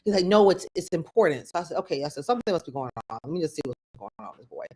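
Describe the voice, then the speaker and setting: A woman's voice: sits low, lively intonation, rapid-fire, a little mellow, slight background noise. A middle-aged woman hosting a podcast, telling a personal story in a conversational way, often repeating herself and acting out what others said. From Florida. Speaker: podcast host.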